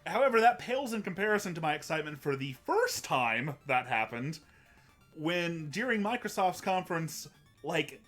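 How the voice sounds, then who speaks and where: A man's voice: fairly high pitch, very animated, moderate pace, a bit bright, soft background music. A man hosting a casual livestream, talking in a rambling way with many restarts and fillers. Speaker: host.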